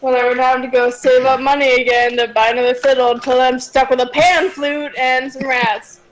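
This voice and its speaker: Young female player, high pitch, sulky and self-deprecating. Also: little pitch movement, fairly quick, faint music behind, poor audio. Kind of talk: playing a tabletop game on a live stream.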